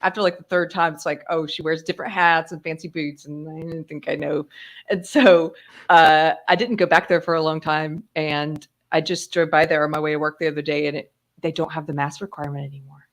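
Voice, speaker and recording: A woman hosting a casual live-stream chat, telling a story with lively acted-out dialogue and frequent laughter. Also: low voice, fairly quick. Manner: animated storyteller who acts out dialogue and laughs often. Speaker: podcast host.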